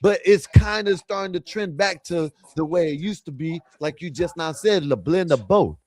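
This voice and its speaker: High-voiced man rambling on a panel. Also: lively intonation, normal speed, a little mellow, dry recording, soft background music. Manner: rambling, keeps asking "you know what I mean". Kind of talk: casual panel talk.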